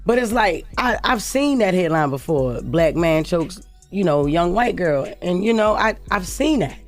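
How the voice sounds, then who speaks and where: A woman's voice: lowish voice, expressive, unhurried, soft background music. A woman co-hosting a talk show, joking loosely in casual chat. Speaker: radio show co-host.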